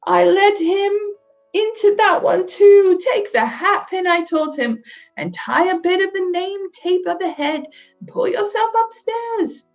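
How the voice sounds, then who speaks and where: A woman voicing a fussy, anxious little mother in a storybook reading, her voice high and quavering, over faint music. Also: lively intonation, a little slow, highs cut off, heavily acted. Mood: fretful. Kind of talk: storybook read-aloud.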